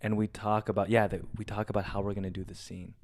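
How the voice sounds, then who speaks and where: A man's voice: on the low side, fast. A young man, a podcast co-host, telling a long story casually and acting out what people said. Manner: animated storyteller acting out quotes.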